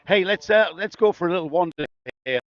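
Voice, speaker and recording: High-voiced northeast English man, chatty. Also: brisk. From northeast England. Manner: chatty and teasing, jokey banter. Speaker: trackside roving interviewer. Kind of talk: casual on-the-spot interviews. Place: outdoors at a racetrack campsite. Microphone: handheld mic. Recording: dull lo-fi outdoor sound.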